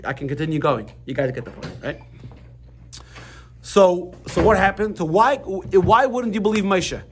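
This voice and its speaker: A man teaching a lively class, switching quickly between explanation and jokes. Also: sits high, a little hiss or hum. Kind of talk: animated class lesson.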